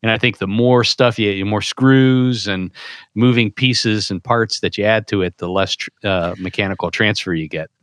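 A man's voice: fairly low pitch, fairly even intonation, normal speed, a bit bright. A man co-hosting a casual podcast chat, talking hesitantly with fillers while he searches for words. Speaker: co-host.

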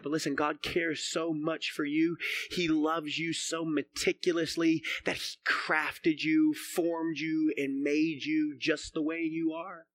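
Fervent, high, bright-voiced preacher man. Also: slight background noise. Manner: builds to loud, fervent shouting; drops to soft, low emphasis on key phrases. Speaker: senior pastor. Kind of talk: sermon. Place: church sanctuary.

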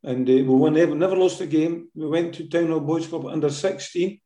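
An older Scottish man tells football stories in an easy, rambling way, dropping in fillers and little tag questions. His voice is mellow and sits a touch high. The sound carries a clear room echo. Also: steady tone, brisk. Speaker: former footballer, guest. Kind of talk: casual interview storytelling.

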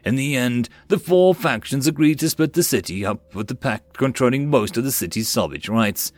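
A man narrating a web novel audiobook in a measured storytelling manner. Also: medium pitch, animated, no room sound.

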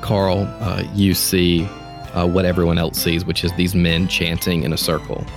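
A man narrating as game master for a tabletop game, describing scenes in an unhurried way with frequent pauses. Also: sits low, level tone, over music.

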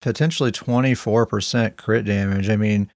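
A man's voice: fairly low pitch, fairly even intonation, moderate pace, a little mellow, dry recording, studio quality. A man hosting a casual gaming podcast, talking through patch notes in an upbeat way. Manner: upbeat, explains game patch details. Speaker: podcast host.

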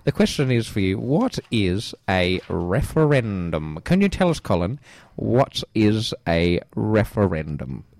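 A man's voice: on the low side, very animated, unhurried, hardly any pauses, darkish tone, no room sound. A man co-hosting a mock radio quiz in a comedy sketch, playful and mock-formal.

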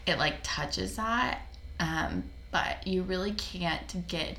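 A young woman co-hosts a podcast in casual conversation, her voice low-ish, sing-song, slow, gravelly, bright and forceful. She's giggly and chatty, using lots of filler words, in an echoey room with faint background noise.

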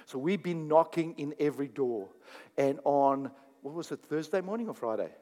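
A man preaching a sermon, telling stories and acting out conversations in an animated way. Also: fairly high pitch, normal speed. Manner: animated, laughing, acts out dialogue. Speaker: pastor. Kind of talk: sermon with storytelling. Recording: long hall reverb.

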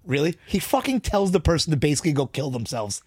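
A man co-hosting a podcast, chatting casually about songs with rambling restarts, swearing often, his voice hoarse and worn out. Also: a little high, big pitch swings, fast, no room sound. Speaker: podcast co-host. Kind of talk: casual chat about music.

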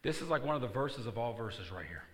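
A male pastor preaching a sermon, reading scripture and shifting between quiet asides and loud emphatic bursts, calling on the congregation to answer back. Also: medium pitch, lively intonation, fast talker, echoey room. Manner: reads scripture aloud and calls on the congregation to respond.

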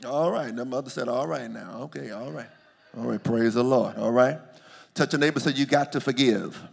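A man preaching a sermon, calling out to the congregation and swinging from hushed asides to loud, drawn-out declarations. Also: mid-range voice, gravelly, breathy edge. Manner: call-and-response preaching, swings from hushed to shouting.

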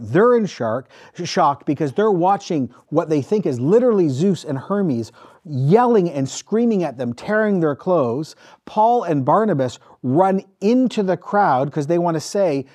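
Male pastor, slightly high voice, lively sermon storytelling. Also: normal speed. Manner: animated, emphatic storytelling.

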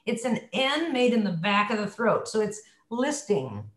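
A woman's voice: on the high side, animated, moderate pace, a bit bright, echoey room, low-quality recording. A woman working as a voice and pronunciation coach, explaining on a group call and modeling words aloud.

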